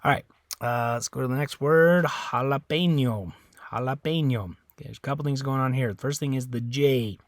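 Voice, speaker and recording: Man, casual teacher, repeats words slowly, dry close recording. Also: medium pitch, fairly even intonation, no room sound. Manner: casual, repeats words slowly, frequent okays and self-corrections. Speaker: Spanish teacher. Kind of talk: informal classroom explanation.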